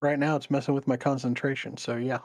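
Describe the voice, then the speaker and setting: A man's voice: medium pitch, little pitch movement, fast talker, darkish tone, no room sound. A man playing in a tabletop game, talking in a hesitant, questioning way. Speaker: player. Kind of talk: casual tabletop play.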